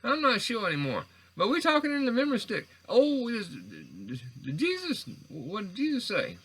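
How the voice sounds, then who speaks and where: A man rambles into a small recorder, losing his thread and restarting over and over. His voice sits high and bright, leaping up and down as he talks. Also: wildly swooping pitch, normal speed, breathy edge, low-quality recording. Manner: meandering, stammering, frequent restarts and self-corrections. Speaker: vlogger. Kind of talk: rambling monologue. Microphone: handheld recorder.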